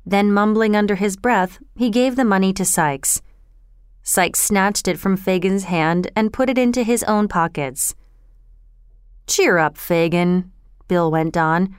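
A woman narrating a storybook aloud in a slow, clear and even manner. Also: medium pitch, dry recording, studio quality.

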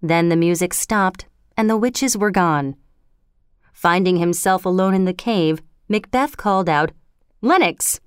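A woman narrating a storybook in a measured, clear reading. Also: lowish voice, no room sound, clean studio sound.

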